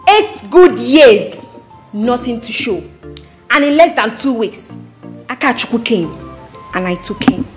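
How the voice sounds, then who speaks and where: A brash Nigerian second wife in a film drama, her fairly high voice bossy and mocking. Faint music plays underneath. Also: big pitch swings, unhurried, pauses often. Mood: taunting. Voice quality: taunting, brash. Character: rude new second wife, brash and taunting. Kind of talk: Nollywood film acting.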